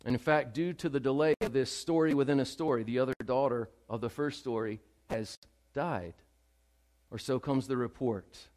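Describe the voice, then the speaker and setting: A pastor preaches emphatically and directly to his congregation, dropping to a hush before rising loud and repeating key phrases for stress. He has a medium pitch, lively intonation, and a moderate pace.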